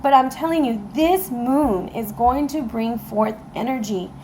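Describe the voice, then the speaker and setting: A woman giving a casual tarot reading to camera, excitable and emotional, talking straight to her viewers. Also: a little high, unhurried, slight background noise, rough recording. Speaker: tarot reader. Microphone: camera mic.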